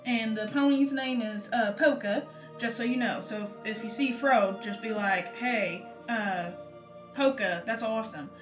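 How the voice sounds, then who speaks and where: Young female player, high pitch, rambling in-character storyteller; echoey room, soft music under. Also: moderate pace. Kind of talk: in-character tabletop chat.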